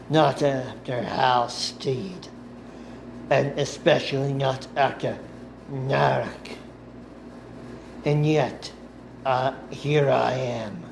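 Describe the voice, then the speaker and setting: A man reads a first-person story aloud at an unhurried, deliberate pace. His voice has a gravelly edge at a middle pitch, and a faint hiss sits under the home recording. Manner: slow, deliberate reading with occasional self-corrections. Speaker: amateur audiobook narrator. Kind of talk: first-person fiction reading.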